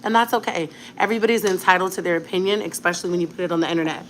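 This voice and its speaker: A woman's voice: lowish voice, very fast, a little hiss or hum. A young woman talking straight to her viewers in a casual vlog, blunt and defiant, with a lot of slang. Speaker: vlogger.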